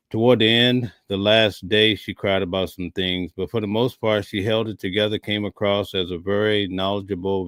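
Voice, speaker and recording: A man on a panel giving measured remarks in short listed phrases. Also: fairly low pitch, a bit bright, no room sound, clean studio sound. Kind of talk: live panel discussion.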